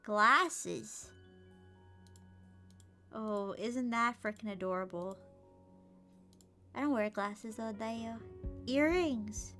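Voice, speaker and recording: A young woman streaming a game, chatting playfully and gushing over cute outfits, sometimes dropping to soft whispers. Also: fairly high pitch, extremely slow, pauses often. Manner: slips into soft whispers and mutters. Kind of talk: casual gameplay commentary. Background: game music.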